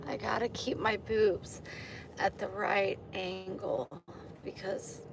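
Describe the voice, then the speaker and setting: A woman's voice: medium pitch, level tone, slow pace, vocal fry. A woman vlogging on a phone while walking outdoors, chatting to her viewers in a meandering, easily sidetracked way. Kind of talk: rambling livestream chat. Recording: outdoor street noise with traffic. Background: outdoor ambience and passing vehicles.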